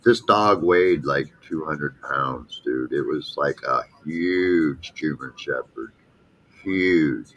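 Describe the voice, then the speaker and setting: A man's voice: very deep voice, slow, fairly bright tone, lo-fi sound. A middle-aged man, chatting casually and saying dude and you know a lot. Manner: laid-back, peppers speech with dude and you know. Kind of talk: casual chat.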